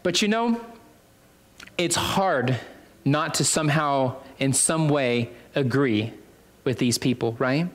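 Chatty preacher with fillers. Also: male voice, medium pitch, slow pace. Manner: conversational, full of fillers and restarts. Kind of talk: sermon.

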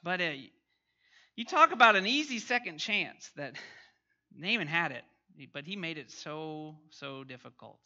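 Man, high bright voice, animated Bible class teacher, dull lo-fi sound. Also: measured pace. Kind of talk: interactive Bible lesson.

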